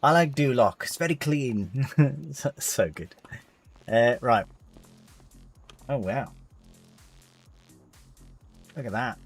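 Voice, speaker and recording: A man's voice: medium pitch, animated, extremely slow, creaky, pauses often, husky, soft background music. A man, live-streaming a farming game and chatting casually with viewers as he plays. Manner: chatty, reads chat aloud, British slang.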